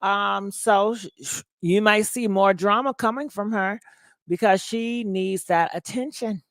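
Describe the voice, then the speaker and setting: A woman's voice: medium pitch, a little slow, no room sound. A woman hosting a casual gossip livestream, chatting and thanking viewers for donations. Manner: chatty, reads donations and comments aloud.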